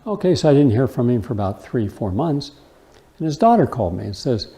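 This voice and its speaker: Mellow-voiced man lecturing emphatically. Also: medium pitch, very animated, fairly quick. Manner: emphatic, rhetorical questions and personal anecdotes. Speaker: host and health lecturer. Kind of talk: lecture to a live audience.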